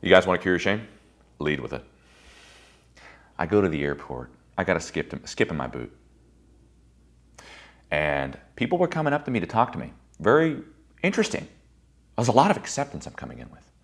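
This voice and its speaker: A man giving a motivational talk to a group, intense and profane, dropping to a hushed whisper for emphasis. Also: sits low, sing-song, brisk, long pauses. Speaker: motivational speaker.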